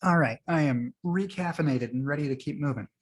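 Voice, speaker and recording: Host, male, higher-pitched, casual rambling commentary full of fillers. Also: fairly quick. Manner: chatty and rambling, with frequent fillers. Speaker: host reviewing liked tweets. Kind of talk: casual screen-share commentary.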